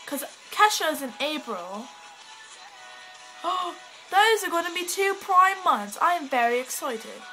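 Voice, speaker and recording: A teenage girl rambles through a casual vlog in a put-on British accent and keeps losing her thread. Her voice sits high, bright and sharp, and swoops widely as she talks. Pop music plays faintly behind her. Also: very animated, takes it slowly, rough recording. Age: teens. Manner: rambling, giggly, easily sidetracked. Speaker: vlogger.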